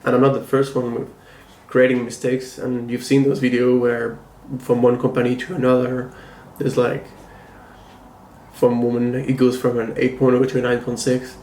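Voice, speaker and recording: A man hosting a casual review vlog, talking to camera in a measured, thoughtful and critical way. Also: medium pitch, completely flat delivery, darkish tone, a little hiss or hum. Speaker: comic book collector and channel host. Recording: roomy echo, faint ambience.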